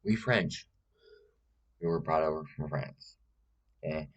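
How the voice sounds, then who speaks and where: A self-styled witch woman, played by a man, holds forth in a deadpan comedic monologue, rambling and confidently wrong. The voice sits very low and unhurried. Fillers and hesitations break up the talk, and she keeps pressing listeners with a pointed "okay?". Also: full character voice, low-quality recording. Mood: self-assured. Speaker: witch giving a tutorial.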